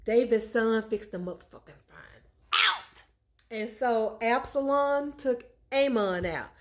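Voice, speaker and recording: A woman with a high voice delivers a comedic rant that retells Bible stories. She is sassy, profane and indignant throughout, packing in punchlines as she goes. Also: takes it slowly. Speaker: content creator.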